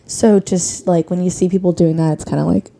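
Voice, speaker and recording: A woman's voice: fairly low pitch, steady tone, a little fast, vocal fry, warm tone. A woman co-hosting a casual podcast, talking bluntly and rambling, with a slight lisp from being tongue-tied. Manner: blunt, rambling, self-interrupting. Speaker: podcast co-host. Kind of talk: casual chat.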